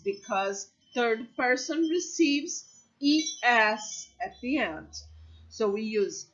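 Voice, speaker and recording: Slow, patient woman English teacher. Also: on the high side, fairly bright tone, lo-fi sound. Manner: patient, repeats examples and checks with "okay?". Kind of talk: slow, deliberate classroom explanation.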